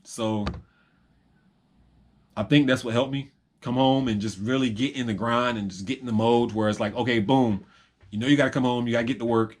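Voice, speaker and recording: Guy rambling on his vlog, kinda halting, lots of ums, just thinking out loud to camera. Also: mid-range voice. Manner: reflective, halting, with many ums and restarts. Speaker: vlogger and reseller.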